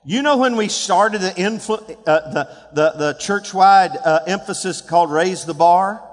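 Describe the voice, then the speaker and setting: Sixty-ish pastor guy preaching, high-pitched, does call-and-response, lots of reverb from the church. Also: normal speed, few pauses. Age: 60s. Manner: preacher building to shouted calls, with call-and-response. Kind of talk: sermon. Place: church sanctuary.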